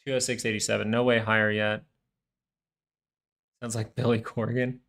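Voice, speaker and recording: A man's voice: lowish voice, flat delivery, moderate pace, fairly bright tone. A man hosting a live stock market stream, giving casual, rambling commentary full of restarts. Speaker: stock market livestream host.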